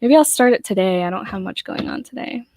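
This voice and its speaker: A woman's voice: mid-range voice, brisk, darkish tone, no echo, clean studio sound. A young American woman hosting a live book-club stream, laughing often and greeting viewers from the chat. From United States. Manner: giggly, reads out chat comments. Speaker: host.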